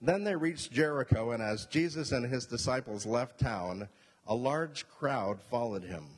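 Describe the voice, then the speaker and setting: A man's voice: medium pitch, expressive, unhurried, slightly rough. A male pastor preaching a sermon, emphatic, repeating key points and asking the congregation questions. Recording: long reverb of a hall.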